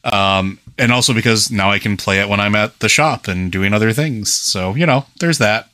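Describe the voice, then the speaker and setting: A podcast co-host chats casually, rambling along with plenty of fillers. His voice is fairly low, pushed and bright, at a moderate pace, captured in a dry, clean studio recording.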